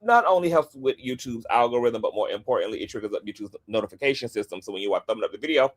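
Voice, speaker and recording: Chatty, animated male livestream host. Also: medium pitch. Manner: chatty, animated, with playful asides and rapid plugs. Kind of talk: casual livestream commentary.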